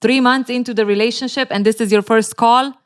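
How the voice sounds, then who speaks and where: A woman's voice: on the high side, fairly even intonation, a little fast, smooth. A woman host narrating a novel's plot and adding chatty, sarcastic commentary straight to her viewers.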